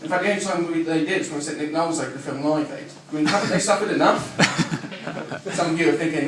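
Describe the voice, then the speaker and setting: A man doing a live stand-up routine with crude, deadpan one-liners. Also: a little high, fast talker, noisy background. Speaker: stand-up comedian. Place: comedy club stage. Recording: echoey live room from far off, audience laughter. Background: audience laughing.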